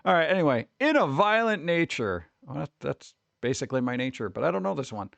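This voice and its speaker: A man's voice: big pitch swings, a little fast, vocal fry, fairly bright tone, no room sound, highs cut off. Rambling male streamer, dry close mic. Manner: rambling, mocking impressions with sudden high-pitched jumps. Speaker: streamer host. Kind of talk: casual live-stream chat.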